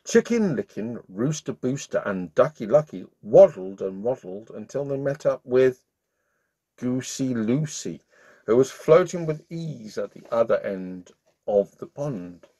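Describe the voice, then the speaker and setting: He speaks with a husky, medium-pitched voice, expressive and unhurried, reading a bedtime story to children as the channel's storyteller. The tone is playful and friendly, warm-hearted, with him singing along.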